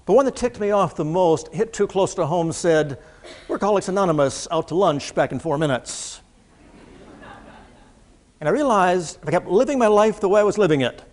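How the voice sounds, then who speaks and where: A man with a high voice delivers a motivational keynote to a live audience, building his jokes with careful punchline timing. He sounds middle-aged and speaks to a large room full of people. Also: a little mellow. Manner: humorous storytelling, punchline timing.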